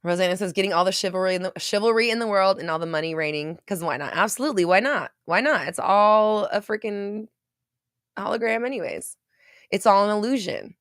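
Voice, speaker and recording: A woman's voice: medium pitch, fairly quick, no room sound. Chatty woman, dry close sound. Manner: chatty and animated, laughs often, frequent fillers and some swearing. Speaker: manifestation coach and show host. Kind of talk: casual livestream talk, reading viewer comments aloud.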